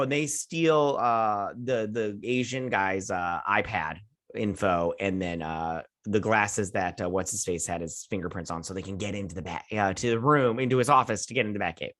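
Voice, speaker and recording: A man's voice: on the low side, fairly bright tone, no echo, clean studio sound. Sarcastic rambling male TV reviewer. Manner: rambling, sarcastic, paraphrases characters with "and everything". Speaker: show reviewer. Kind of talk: casual recap and review.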